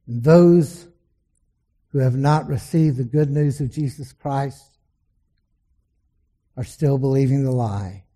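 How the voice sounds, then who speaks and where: A man's voice: medium pitch, slow pace, pauses often, mellow. A male pastor preaching a sermon in an emphatic, storytelling way.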